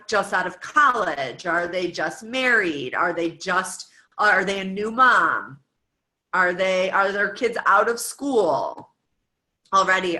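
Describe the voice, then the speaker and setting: Coaching fitness coaches as a guest speaker, an American woman in her thirties talks informally through a worksheet, filling her speech with "um" and "like" and reeling off long lists of questions. She has a mid-range, pushed and bright voice over poor audio.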